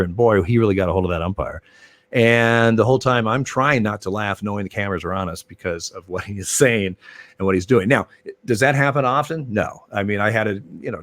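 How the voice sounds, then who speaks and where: Older man, lowish voice, dry sound, rambling anecdotes, lots of fillers. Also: dry recording. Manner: rambling, many restarts and fillers. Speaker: retired baseball umpire, guest. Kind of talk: casual interview storytelling.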